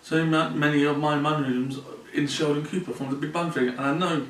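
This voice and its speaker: In a room of his mother's house, this man films a confessional vlog, his voice sounding distant and roomy through a far-off microphone. He speaks a bit quickly in a slightly high, somewhat bright voice with a steady tone, and there is faint background noise. His manner is earnest and plain, with repeated phrases.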